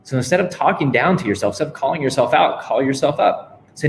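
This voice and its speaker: An author and speaker gives an upbeat motivational talk, his voice at a middle pitch for a man. He tells stories with drive and acts out the lines of the people in them, and a faint hiss sits under the recording. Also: quick pace, gravelly. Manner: energetic storytelling, acting out quotes.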